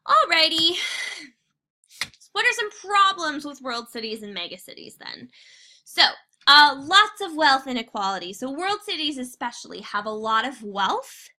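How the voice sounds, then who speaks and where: A woman teacher talks through a recorded lesson in a loose, chatty way, leaning on fillers as she goes. Her voice is very bright and a touch high. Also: big pitch swings, normal speed. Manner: casual, chatty, many fillers. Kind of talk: recorded class lecture.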